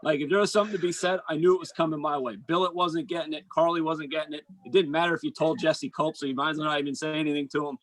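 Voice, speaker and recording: A man, a basketball coach and former college player, telling stories in an animated, casual chat. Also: on the high side, no echo, low-quality recording. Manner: animated storyteller, quick asides and restarts.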